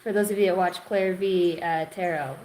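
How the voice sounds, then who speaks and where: A woman giving an intuitive tarot reading, rambling and excitable, repeating words and swearing now and then. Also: fairly low pitch, moderate pace, low-quality recording. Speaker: tarot reader.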